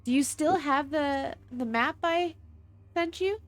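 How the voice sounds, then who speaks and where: A woman voicing a ten-year-old girl who talks like an old movie, with a crisp, professional Mid-Atlantic accent and a relaxed tone. She is a game master doing the voice in a tabletop game. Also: sits high, takes it slowly, voice pushed up. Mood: polite, composed.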